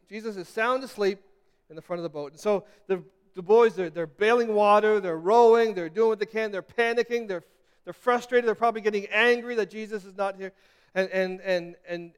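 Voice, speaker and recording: High-voiced preacher in an echoey hall. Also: male voice, clear, resonant tone. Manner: repetitive, stammering restarts, building to emphatic crescendos. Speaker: pastor. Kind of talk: sermon.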